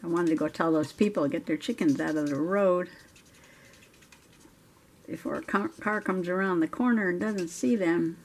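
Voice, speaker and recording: A woman's voice: fairly low pitch, normal speed, pauses often. A middle-aged woman hosting a journaling video, telling a chatty story while she colors, laughing often. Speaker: journaling channel host. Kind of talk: casual crafting chat while coloring.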